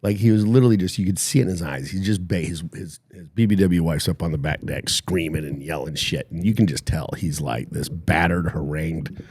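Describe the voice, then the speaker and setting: A man's voice: low-pitched, brisk, few pauses, darkish tone, breathy edge, no echo. A man hosting a podcast, telling a long story in a boastful, mocking way and laughing at his own jokes. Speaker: podcast host. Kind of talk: casual storytelling chat.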